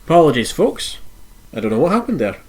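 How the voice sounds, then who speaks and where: Musing and self-correcting, a man thinks aloud through his moves while streaming a strategy game live. His voice is congested and nasal, a little high and a little mellow, and he talks fast and very animatedly.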